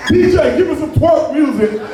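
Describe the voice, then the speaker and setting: A man's voice: extremely high pitch, animated, moderate pace. A man in his forties, co-hosting a live event and teasing the crowd. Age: 40s. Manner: playful, teasing asides. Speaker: co-host. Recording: very echoey hall with crowd, distant mic.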